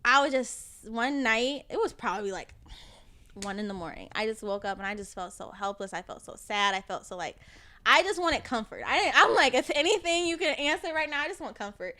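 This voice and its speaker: Bright high-voiced young woman. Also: a little fast. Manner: emotional, animated storytelling, often laughing. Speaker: podcast guest. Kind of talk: casual chat.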